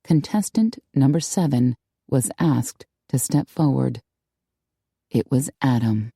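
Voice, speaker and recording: A woman reads a romance novel aloud in steady, measured narration. Her voice is low and mellow. The recording is close and dry, with quiet music playing underneath. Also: gravelly, breathy edge, no room sound. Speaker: audiobook narrator. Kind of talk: scripted narration.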